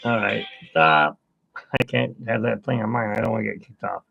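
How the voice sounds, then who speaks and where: Gravelly rambling man on a livestream. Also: fairly low pitch, normal speed, sharp tone, muffled recording, faint music behind. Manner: rambling, chatty, self-interrupting. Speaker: art channel host. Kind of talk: casual livestream chat.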